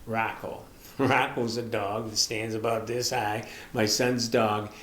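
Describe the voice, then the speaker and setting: A man's voice: on the low side, level tone, slow, a bit bright, a little hiss or hum. A middle-aged man, a minister, giving an earnest, confessional teaching talk and speaking straight to the listener. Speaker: minister and author. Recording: roomy echo.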